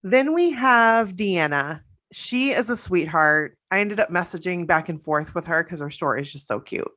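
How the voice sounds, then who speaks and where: A woman's voice: fairly low pitch, lively intonation, normal speed, a bit bright. A woman co-hosting a casual podcast, gushing and chatty as she reads out listener stories. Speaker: podcast co-host.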